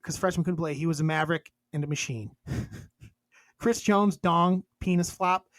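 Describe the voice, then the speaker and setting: A man's voice: on the high side, moderate pace, dry recording. Guy podcast host riffing crude jokes over a list, dead dry mic, no room at all. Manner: joking and crude, reading a list aloud with asides. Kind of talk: casual chat.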